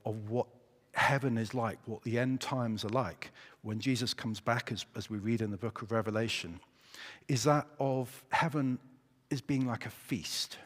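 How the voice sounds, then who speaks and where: A man preaching a sermon in a church, chatty and relaxed with hesitations and a joking touch. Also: mid-range voice, measured pace. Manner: conversational, hesitant with fillers, joking. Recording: echoey church hall.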